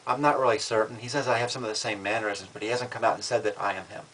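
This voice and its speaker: Guy ranting into his camera, calm and matter-of-fact but defiant, keeps restarting his words. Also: lowish voice, rapid-fire, slight background noise, low-quality recording. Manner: frequent restarts and repeated words. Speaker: vlogger. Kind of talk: casual vlog monologue.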